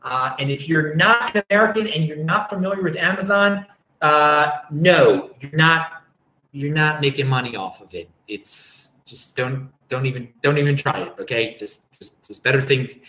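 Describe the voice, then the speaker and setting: A man's voice: fairly high pitch, moderate pace, bright, forceful tone, roomy sound, low-quality recording. A man hosting a casual livestream, reading viewer comments and rambling, often chuckling and breaking off mid-sentence. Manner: rambling, chuckling, self-interrupting. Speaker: livestream host.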